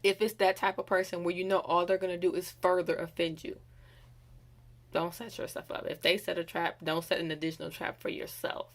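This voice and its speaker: A woman giving a casual devotional talk, animated and acting out quoted voices. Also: lowish voice, a little fast. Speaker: bible study teacher.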